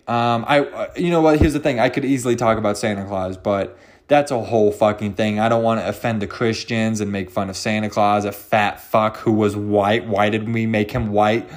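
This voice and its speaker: Rambling, profane male comic. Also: mid-range voice. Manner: profane, rambling, self-interrupting. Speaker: comedy podcast host. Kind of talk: rambling solo comedy.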